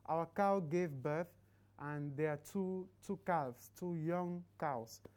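A woman's voice: low-pitched, slow pace, darkish tone. A woman quoting an earnest farmer. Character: a farmer, a man in a storybook illustration, earnest.

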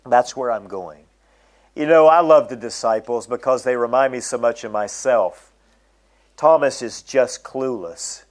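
A middle-aged man preaching a sermon, reading scripture aloud and slowing down to stress its key phrases. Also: mid-range voice.

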